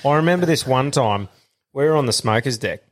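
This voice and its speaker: A man's voice: medium pitch, lively intonation, fairly quick. A young Australian man from Central Queensland chats on a podcast with his mates. His talk is loose and full of swearing, and he acts out the people in his stories. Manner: swears freely, acts out other people in anecdotes. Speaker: podcast host. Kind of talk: casual chat, storytelling.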